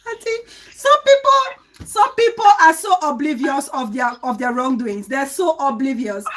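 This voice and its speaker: A woman's voice: high-pitched, lively intonation, normal speed, fairly bright tone. A woman hosting a casual chat, reacting with sympathy and frequent exclamations. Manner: sympathetic, exclaiming, laughs often.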